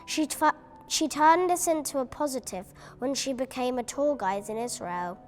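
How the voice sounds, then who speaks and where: Woman, somewhat high voice, measured earnest reading, faint background music. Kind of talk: reading a prepared account at a memorial event.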